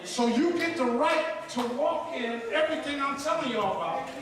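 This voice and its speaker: A man preaching fervently in short lines, pausing so an interpreter can translate. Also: very high-pitched, distant mic. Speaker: guest preacher. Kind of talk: sermon with interpreter. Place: large church hall with congregation. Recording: echoey hall, voice from off-mic, crowd behind.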